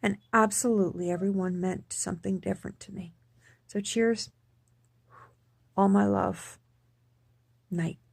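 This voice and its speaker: A woman talking casually in a personal vlog, halting with frequent restarts and repeating words for emphasis. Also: mid-range voice, steady tone, gravelly, husky, no echo. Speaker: vlogger.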